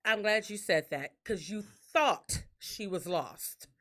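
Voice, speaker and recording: A woman hosting a podcast, telling stories in a casual, profane way and acting out what others said. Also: takes it slowly. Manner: animated, profane, acts out quotes in a shrill crying voice. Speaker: podcast host. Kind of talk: casual storytelling chat.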